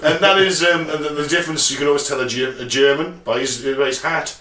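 A man's voice: a little high, brisk, pushed and bright, roomy sound, far from the mic. A man hosting a podcast, bantering casually, rambling, laughing and swearing freely. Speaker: podcast host.

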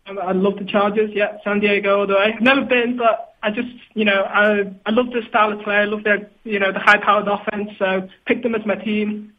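A man with a Liverpool accent calling in over a thin, phone-like line, his voice high for a man. He rambles with lots of fillers and stays good-humored throughout. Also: level tone, fairly quick, hardly any pauses. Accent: Liverpool English. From England. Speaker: caller. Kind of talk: casual phone call.

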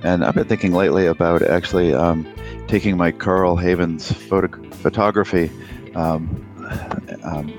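A man's voice: low voice, steady tone, moderate pace, faint music behind. A man co-hosting a podcast, talking in a loose, joking way with the odd swear. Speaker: podcast co-host. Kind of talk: casual chat over a call.

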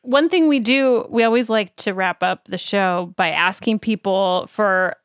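A woman's voice: medium pitch, a little slow, smooth, no room sound, clean studio sound. A woman co-hosting a podcast, asking light prompting questions in a casual tone. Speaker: podcast co-host.

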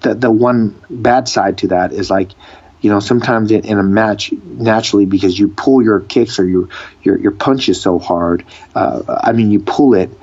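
A man, a fighter and actor, telling stories in a casual interview, animated and full of restarts. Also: fairly low pitch, moderate pace, breathy edge, dull audio. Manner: animated, re-enacts dialogue, frequent restarts.

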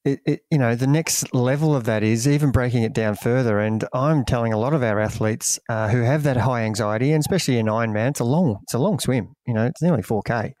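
Man, co-host and coach, thoughtful halting questions, dry recording. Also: medium pitch, a little mellow, no room sound. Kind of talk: casual podcast conversation.

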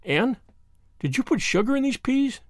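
A man voicing a gentle young girl who speaks dolefully. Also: extremely high pitch, very animated, normal speed, no room sound, studio quality, pitched above the performer's own voice. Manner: doleful, questioning.

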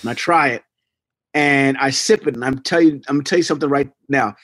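A man's voice: mid-range voice, fairly quick, no room sound. A man in his forties, a podcast co-host, telling a story in casual chat and acting out voices and sounds. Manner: animated, acts out voices and gunshot sounds.

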